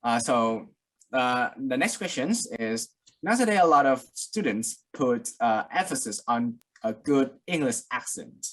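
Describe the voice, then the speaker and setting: Male moderator, polite, mid pitch, lots of uhs. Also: expressive, unhurried. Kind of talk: webinar moderation.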